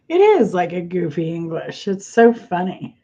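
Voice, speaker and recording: A woman's voice: on the low side, warm tone, breathy edge, highs cut off. A woman hosting a casual livestream, chatting with viewers in a self-amused, rambling way while fighting a cough and sneezes. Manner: chatty, self-amused, trailing off mid-sentence. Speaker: livestream host. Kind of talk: casual chat reading viewer comments.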